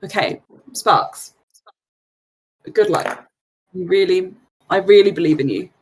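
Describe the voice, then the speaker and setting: A woman's voice: lowish voice, slow, slightly rough. A woman acting as game master of a tabletop game, narrating scenes with joking asides and frequent laughter. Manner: laughs often, jokey asides.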